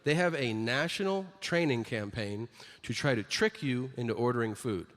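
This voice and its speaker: A man's voice: mid-range voice, moderate pace, a bit bright, long reverb tail. A man performing a stand-up comedy set, ranting with exasperated, profane punchlines and acted-out voices.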